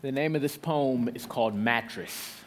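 A man's voice: medium pitch, normal speed, a little hiss or hum. Man reciting rhymed poetry, reverberant hall. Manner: rhythmic rhymed delivery. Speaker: guest poet. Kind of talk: spoken word poetry.

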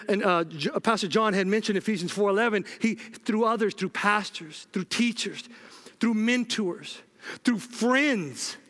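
A man's voice: very high-pitched, fairly bright tone. A man preaching a sermon, urgently repeating "listen" to the congregation and telling personal stories with acted-out dialogue.

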